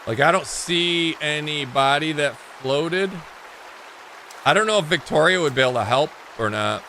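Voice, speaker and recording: Bright-voiced man chatting while gaming. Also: fairly high pitch, normal speed, a little hiss or hum. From Michigan. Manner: rambling, talks to chat while playing. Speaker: streamer. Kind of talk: casual livestream gaming chat.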